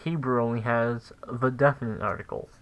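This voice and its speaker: A man giving a casual recorded language lesson, thinking aloud with pauses and restarts. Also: medium pitch, fairly even intonation, rough recording. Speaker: language teacher.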